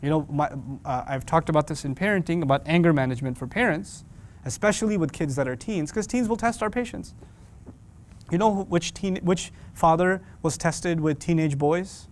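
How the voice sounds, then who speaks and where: A man giving an animated, joking sermon, mixing in Quranic Arabic recitation. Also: on the high side, moderate pace. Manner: animated, joking, acts out quoted voices. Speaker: Islamic speaker.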